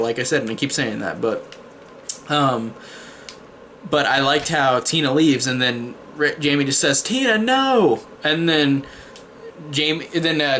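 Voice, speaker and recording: A man's voice: a little high, sharp tone, slight background noise. A young man casually reviewing a horror movie, rambling and opinionated with lots of fillers. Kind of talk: casual spoken film review.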